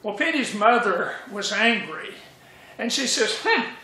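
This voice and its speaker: A male storyteller spins a joke story at a leisurely pace, stumbling on fillers now and then. His voice is high and bright. The room gives a roomy echo. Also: animated. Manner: unhurried, with hesitant fillers.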